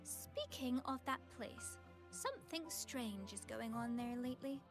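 Rumi, a high, lively courier captain. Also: female voice, unhurried, over music. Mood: chatty. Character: upbeat young female delivery team captain. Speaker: game character. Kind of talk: game voice acting.

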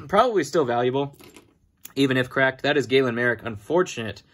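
A man's voice: medium pitch, animated, fairly quick. Chatty man narrating a toy haul. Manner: chatty, self-mocking, sorting items while talking. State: standing for a long time, back sore. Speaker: toy collector vlogger. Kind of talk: casual unboxing commentary.

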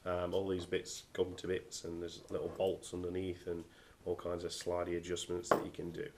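Man from the UK, very low voice, stuffy nasal cold, casual halting gear review, faint hiss behind. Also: completely flat delivery, creaky. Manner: hesitant, many ums and restarts.

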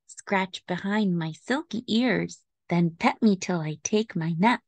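Brief: woman reading a pampered, moody house cat for a storybook, slow with a gravelly edge, dry close sound. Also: lowish voice, no room sound. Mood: gentle. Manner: slow, gentle read-aloud delivery.

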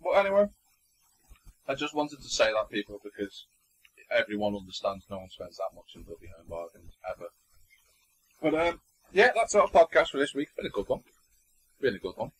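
A man's voice: fairly low pitch, big pitch swings, a little fast, pauses often, fairly bright tone, slightly rough, rough recording. A young man co-hosting a podcast, chatting and telling stories in a laid-back, mildly sweary way. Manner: chatty storyteller, swears mildly, laughs often. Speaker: podcast co-host. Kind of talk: casual chat.

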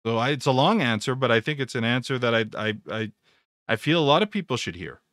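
A man's voice: mid-range voice, expressive, fast talker, fairly bright tone, no room sound, clean studio sound. A man hosting a live stream, talking casually through stock charts, rambling with repeated words and jokes. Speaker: trading educator.

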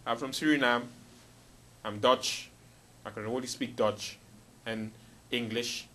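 A man's voice: mid-range voice, steady tone, a little slow, sharp tone. A man hosting a late-night comedy show, delivering a meandering monologue full of hesitations and restarts. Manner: meandering, hesitant, stumbling over words. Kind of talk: rambling comic monologue.

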